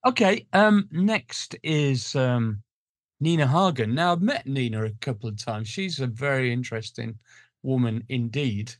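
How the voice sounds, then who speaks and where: A man's voice: mid-range voice, unhurried, no echo, studio quality. A man hosting a casual interview, chatting in a friendly way and chiming in with short agreements. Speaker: podcast host.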